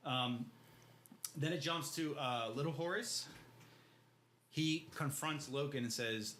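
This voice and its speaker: A man's voice: fairly high pitch, takes it slowly, long pauses, a bit bright, a little hiss or hum. A man co-hosting a podcast, casually retelling a book's scenes in loose, slangy talk and acting out the characters' lines. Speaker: podcast co-host. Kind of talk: casual book discussion.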